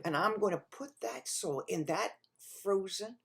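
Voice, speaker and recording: A woman's voice: mid-range voice, lively intonation, creaky, husky, exaggerated voice. A woman voicing a sly male fox trickster in a children's story, chuckling and wheedling as he talks. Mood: scheming. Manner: chuckling, wheedling and fast-talking.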